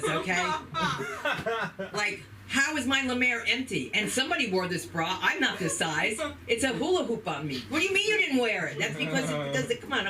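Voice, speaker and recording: A brash, campy host introduces the next comic with loose banter. The voice sits mid-range and comes from far off the mic, with steady noise in the room. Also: medium pitch. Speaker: comedy show host.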